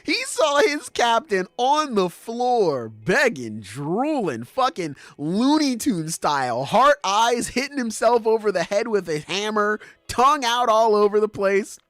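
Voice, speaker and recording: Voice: mid-range voice, unhurried, few pauses, no room sound. A podcast co-host in casual chat, talking animatedly with lots of swearing and laughter. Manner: animated, profane, laughs a lot. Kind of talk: casual chat recapping comics.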